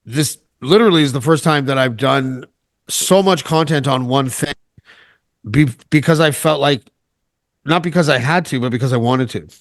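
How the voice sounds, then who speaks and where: A man's voice: mid-range voice, normal speed, dry recording. Joking Canadian man guest, dry sound. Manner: joking, self-deprecating, rambling with restarts. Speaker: podcast guest. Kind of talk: casual chat.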